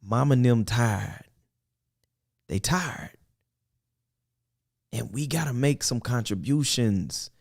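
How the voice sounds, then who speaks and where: Animated male talk radio host. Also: medium pitch, slow, vocal fry, long pauses. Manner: animated, preachy, repeats himself, laughs often. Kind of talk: casual talk radio monologue.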